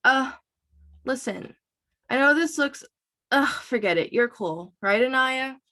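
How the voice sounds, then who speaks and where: A woman reading as a smooth-talking teenage boy. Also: high voice, lively intonation, slow, sharp tone, voice pushed up, full character voice. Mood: evasive.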